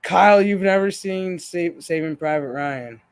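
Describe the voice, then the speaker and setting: High-voiced profane man telling a story. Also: measured pace, clean tone, no room sound. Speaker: gaming stream host. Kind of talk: casual chat.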